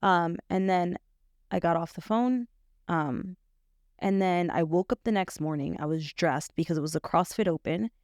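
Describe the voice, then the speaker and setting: A young woman telling a personal story as a podcast guest, halting, with many fillers and restarts. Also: fairly low pitch, a little mellow, no echo, studio quality. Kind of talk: personal testimony in conversation.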